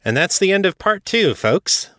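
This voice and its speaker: A man reading his own first-person fiction as a podcast host, steady and matter-of-fact. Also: sits high, moderate pace, faint music behind. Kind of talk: first-person story narration.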